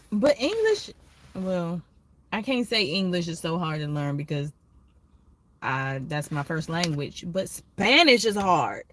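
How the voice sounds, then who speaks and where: A young adult woman chatting casually with viewers on her livestream, telling stories in an animated way and acting out what people said. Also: fairly low pitch, slow pace, long pauses. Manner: chatty, animated storytelling with quoted voices. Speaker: livestream host.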